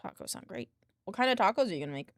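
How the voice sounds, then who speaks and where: A woman chats casually on a live stream from her desk at home. She teases in a playful way and coos baby talk at her cat. Her voice swoops lively up and down in a dry, close sound. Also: medium pitch, very fast, no echo.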